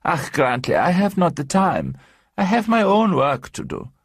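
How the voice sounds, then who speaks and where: A stiff, sullen German woman near forty speaks in curt, stern phrases, as a male reader puts her on. The voice is raised well above the reader's own. It keeps a slightly husky edge. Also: high voice, very animated, unhurried, no room sound, studio quality, pitched above the performer's own voice, heavily acted. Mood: protesting.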